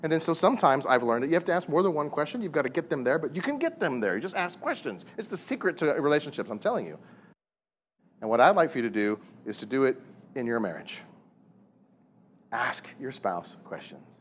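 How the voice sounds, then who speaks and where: A man in his thirties preaching a sermon on marriage, animated and full of rhetorical questions and repeated words. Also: medium pitch, brisk, slight background noise. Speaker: pastor.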